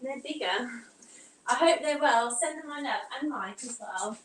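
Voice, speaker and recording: A chatty mum talks to her viewers while she potters around the kitchen, her throat sounding tight and strained. Her voice sits a little high for a woman. The mic is set some way off in an echoey room, with a faint hum of home noise behind her. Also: a little slow, fairly bright tone, far from the mic. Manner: chatty, rambling, reads out live comments. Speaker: vlogger. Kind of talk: casual chat while doing housework.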